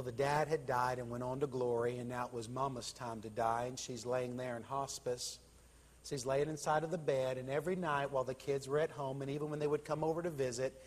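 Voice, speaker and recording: A male pastor telling a story in a sermon, impassioned and swinging from hushed to loud. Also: medium pitch, long reverb tail. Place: church.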